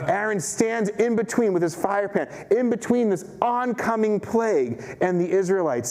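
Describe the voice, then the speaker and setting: Storytelling rabbi, a man, slightly high. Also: darkish tone. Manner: storytelling, self-mocking, acts out quotes. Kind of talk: sermon. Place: synagogue chapel.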